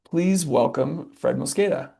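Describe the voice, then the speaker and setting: A man hosting an event, reading a formal introduction in a measured, scripted way. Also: fairly high pitch, creaky, mellow, slightly rough. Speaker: event host.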